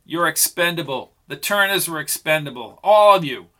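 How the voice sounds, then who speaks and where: A male narrator plays a ruthless outlaw in an audiobook western. He is curt and menacing, with a cold, scornful edge. His voice is slightly high and bright. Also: lively intonation, normal speed.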